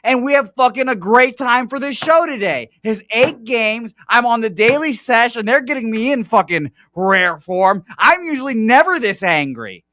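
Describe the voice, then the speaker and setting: A man rants and swears his way through a casual sports betting chat. His voice is bright and cutting, and it sits dry and close to the mic. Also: extremely high pitch, expressive, moderate pace, few pauses, no echo. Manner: angry profane rant. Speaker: host.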